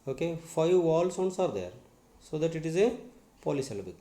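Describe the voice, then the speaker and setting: A male English teacher giving a lesson, spelling words letter by letter and repeating each one slowly. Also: fairly high pitch, very animated, warm tone. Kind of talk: classroom lesson on syllables. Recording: echoey room.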